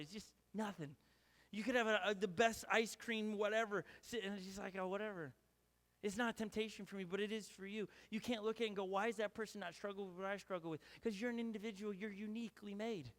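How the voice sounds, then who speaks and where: High-voiced pastor in a reverberant hall. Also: male voice, fairly bright tone. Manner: casual, rambling, with many fillers and restarts. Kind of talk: sermon. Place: church hall.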